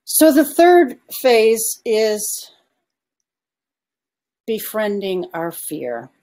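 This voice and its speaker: A woman coach leads an online session at an unhurried, deliberate pace. Her pitch is mid-range. She keeps putting questions to her listeners and asks them to answer in the chat. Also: big pitch swings, mellow. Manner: poses questions to the audience and invites chat replies. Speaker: success coach.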